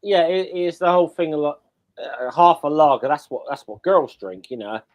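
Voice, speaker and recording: A man's voice: fairly high pitch, animated, moderate pace. Man rambling through a pub anecdote. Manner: rambling anecdotes, repeats words as he thinks. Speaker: podcast co-host. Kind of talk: casual chat.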